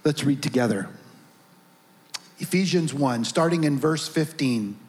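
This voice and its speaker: Pastor, male, higher register, animated storyteller opening a sermon. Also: a little slow. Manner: animated storytelling, acts out voices.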